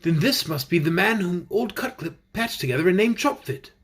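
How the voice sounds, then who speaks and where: A man's voice: sits high, lively intonation, normal speed, fairly bright tone. A man voicing an eager, astonished young wanderer in a storybook.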